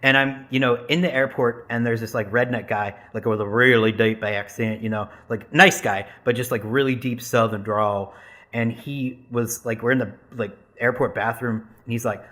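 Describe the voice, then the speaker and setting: A man's voice: mid-range voice, steady tone, normal speed, pushed and bright. A man co-hosting a podcast, chatting loosely with lots of fillers and restarts. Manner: rambling, filler-heavy, laughing. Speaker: podcast co-host. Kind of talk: casual chat.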